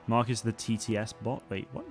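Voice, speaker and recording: A man's voice: on the low side, flat delivery, brisk, soft background music. A young man hosting a live stream, chatting casually with viewers in a rambling way, full of fillers and restarts. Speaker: streamer and channel host. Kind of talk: casual live-stream chat reading comments.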